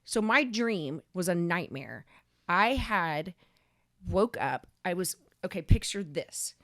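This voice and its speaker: A woman, co-hosting a podcast and telling a story in a casual, animated way, swearing and speeding up when excited. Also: fairly low pitch, slow pace, no echo, clean studio sound. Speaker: podcast co-host.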